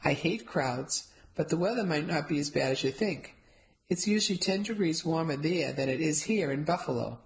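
A grumbling, exasperated young husband who is still fond at heart, as a woman reads him. The voice stays close to the reader's own low, even tone. He is a character in a spoken novel. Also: moderate pace, poor audio. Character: grumbling young husband, grudging but affectionate.

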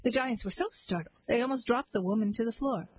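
A woman's voice: fairly high pitch, fairly quick, husky, poor audio. A woman reading a parody fairy tale aloud with a dry, wry delivery. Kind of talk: comic storybook narration.

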